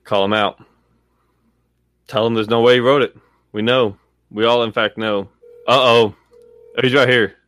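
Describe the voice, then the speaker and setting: A man's voice: medium pitch, fairly even intonation, unhurried, pauses often, a bit bright, no echo. A man co-hosting a casual live chat, telling stories with chuckles and jokes. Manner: chuckling, joking storyteller. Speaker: co-host.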